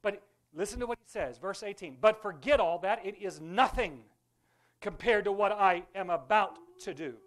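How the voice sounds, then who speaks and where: A man preaches with fervour from a church sanctuary, his high-pitched, fairly bright voice keeping a moderate pace. The congregation is called to repeat after him in call-and-response style.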